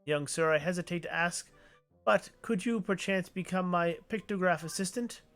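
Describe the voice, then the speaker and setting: A man's voice: sits high, normal speed, fairly bright tone, faint music behind, pitched above the performer's own voice. A man voicing a fussy old male inventor of picture boxes, speaking in formal, flowery old-fashioned phrases. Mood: grandiose.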